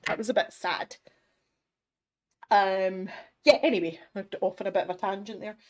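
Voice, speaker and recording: This middle-aged Scottish woman speaks at medium pitch and a moderate pace, with a little hiss or hum in the audio. She's hosting an art livestream from her home studio, casually chatting through viewer comments, laughing frequently, making fun of herself and restarting sentences.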